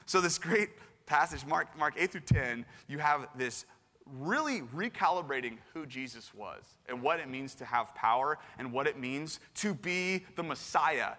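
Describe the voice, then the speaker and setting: A man preaching a casual sermon in an animated, slangy way, with frequent restarts. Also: fairly high pitch, unhurried. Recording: long hall reverb.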